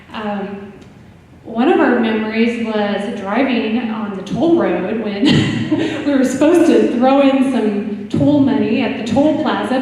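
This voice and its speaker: A woman's voice: on the high side, a little mellow. A woman giving an affectionate farewell tribute to a colleague, laughing as she recalls stories. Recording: echoey hall from far off.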